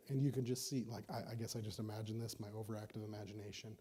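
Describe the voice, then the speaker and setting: A man's voice: on the low side, steady tone, quick pace, warm tone. A man preaching a casual, storytelling sermon, often restarting his sentences.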